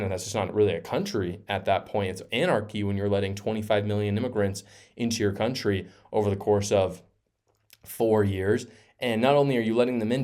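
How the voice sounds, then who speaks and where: A man's voice: fairly low pitch, darkish tone. A man giving emphatic, sarcastic opinion commentary as host of his own show. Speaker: political commentator.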